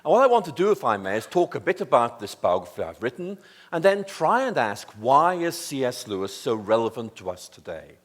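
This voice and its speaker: Casting: man in his sixties, British accent, lively pitch, wry lecturer, long hall reverb. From Northern Ireland. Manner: wry, lightly humorous, measured. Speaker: guest lecturer. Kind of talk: public lecture.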